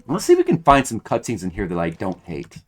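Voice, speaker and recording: A man's voice: on the low side, huge pitch swings, fast talker, faint music behind. A man streaming a video game, commenting casually and rambling with many restarts and hesitations.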